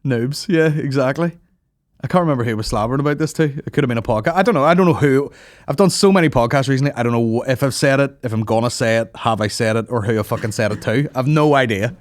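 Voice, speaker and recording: Male comic host in his thirties, foul-mouthed ranting, bursts of mocking voices, mid-pitched, dry close mic. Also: fast, no room sound. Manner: swears constantly, mocks people in loud put-on voices. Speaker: podcast host. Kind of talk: profane comedic rant.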